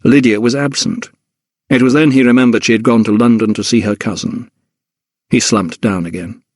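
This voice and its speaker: A man reading a historical mystery audiobook in a measured, steady narration. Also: medium pitch, no room sound, clean studio sound. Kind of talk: scripted narration.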